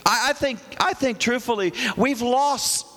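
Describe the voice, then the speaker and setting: A middle-aged male pastor preaching a sermon, excitable, with rambling asides and bursts of shouting. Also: very high voice, measured pace, big-room sound. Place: church hall.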